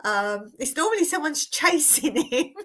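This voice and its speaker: A woman's voice: high voice, expressive, unhurried, a bit bright. A woman from England hosting a live stream, chatting casually and giggling as she tells stories and reads out viewer comments.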